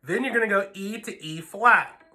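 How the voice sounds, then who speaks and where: With violins playing behind him, a man teaching strings gives a patient lesson in a high voice at an even, moderate pace. He explains notes to the students and calls out the beat counts.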